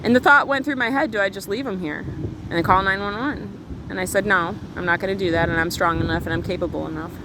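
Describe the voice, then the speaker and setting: A middle-aged woman telling a story to camera in an earnest, emotional, fast-running casual way. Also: medium pitch. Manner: earnest, emotional, talks fast with run-on retelling. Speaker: spiritual vlogger. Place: outdoors on a windy beach. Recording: wind and surf noise outdoors.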